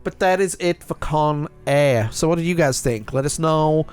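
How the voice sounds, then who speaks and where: A man hosting a podcast, chatting casually in an animated, joking, opinionated way. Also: on the high side, normal speed. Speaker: podcast host. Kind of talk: casual chat.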